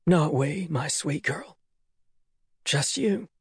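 A man's voice: fairly high pitch, animated, slow, creaky, slightly rough, no room sound, clean studio sound, pitched above the performer's own voice, full character voice. A man doing a desperate, whispering mother. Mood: urgent. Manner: urgent, pleading, often whispered. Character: desperate, loving, frightened mother. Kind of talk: audiobook character voice.

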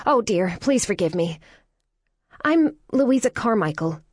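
A woman voicing a clumsy, eager young American woman who gushes breathlessly in a much higher voice. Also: very animated, measured pace, a little mellow, slightly rough, no echo, clean studio sound. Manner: breathless, gushing.

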